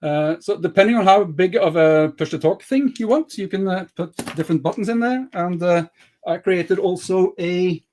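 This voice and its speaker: A man co-hosting a casual chat about his week, talking with lots of pauses and fillers. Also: high voice, a little mellow. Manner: hesitant, many fillers. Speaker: co-host. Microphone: headset.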